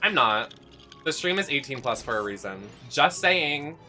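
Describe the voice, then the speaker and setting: A game streamer giving campy, sassy, playful live commentary with loud gasps and squeals. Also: mid-range voice, expressive, moderate pace, faint music behind. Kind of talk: live let's-play commentary.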